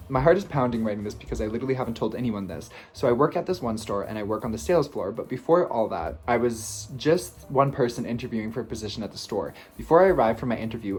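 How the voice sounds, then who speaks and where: Expressive man reading posts aloud. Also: mid-range voice, quick pace, hardly any pauses. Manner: expressive, swings between playful and hushed. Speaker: video host.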